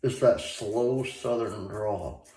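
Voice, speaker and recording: Taking it slowly in a lowish, dark voice, a shaving vlogger from Michigan, USA meanders through a casual chat, full of fillers and restarts. Faint tap water runs in the echoey bathroom.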